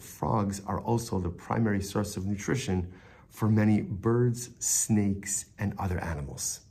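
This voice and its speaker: A man's voice: on the low side, a little mellow, husky. A man giving a Torah lesson as a rabbi, telling the story with Hebrew phrases woven in and often repeating words as he thinks.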